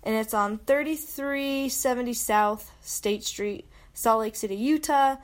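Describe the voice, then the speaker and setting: A young woman talks through her solo podcast in a loose, chatty way. She pokes fun at herself, laughs easily and drops into little quoted voices. Her voice sits a touch on the high side. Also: a little slow. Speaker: podcast host. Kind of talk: casual solo podcast monologue.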